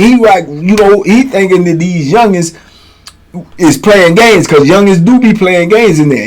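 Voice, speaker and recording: A man's voice: sits high, darkish tone, low-quality recording. A man casually telling a prison story, laid-back and slangy, breaking into laughs. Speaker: storyteller, host.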